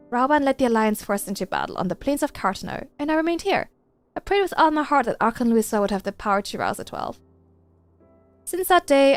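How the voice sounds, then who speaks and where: A woman's voice: a little high, no echo. A woman voicing an earnest, dutiful young queen while reading game dialogue aloud.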